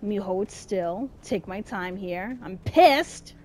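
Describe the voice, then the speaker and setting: A woman streaming a horror game, chatting and swearing, jumpy and quick to shout when chased. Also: mid-range voice, animated, slight background noise. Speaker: gameplay streamer. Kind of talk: casual let's-play commentary.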